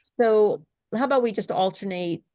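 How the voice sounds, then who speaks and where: A woman's voice: mid-range voice, moderate pace, darkish tone. A woman speech coach teaching an online workshop in an explanatory, coaching way over a video call.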